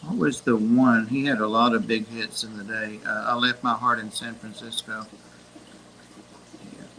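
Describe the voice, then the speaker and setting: A man's voice: on the low side, level tone, normal speed, bright, forceful tone, a little hiss or hum, low-quality recording. An older man co-hosting a livestream, chatting casually and telling rambling stories from his younger days. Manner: rambling, reminiscing storyteller. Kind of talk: casual chat.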